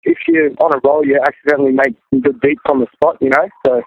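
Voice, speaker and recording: A man, a beatboxer answering interview questions in a loose, halting way and calling the interviewer "man". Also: a little high, expressive, no echo, narrow, tinny audio. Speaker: beatboxer guest.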